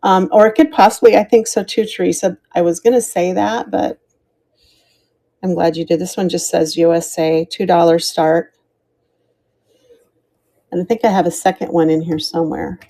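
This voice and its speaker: A woman's voice: on the low side, fairly even intonation, normal speed, pauses often, warm tone. An American woman hosting a live jewelry sale, chatting casually as she shows pieces, calls out starting prices and thanks viewers by name. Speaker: live-stream jewelry seller. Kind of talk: live auction stream chat.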